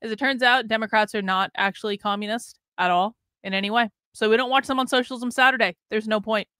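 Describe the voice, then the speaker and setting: Sharp, sarcastic woman streamer. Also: fairly high pitch, fast, smooth, no echo, studio quality. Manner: sarcastic, emphatic, swears freely. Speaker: political commentary host. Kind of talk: live-stream commentary.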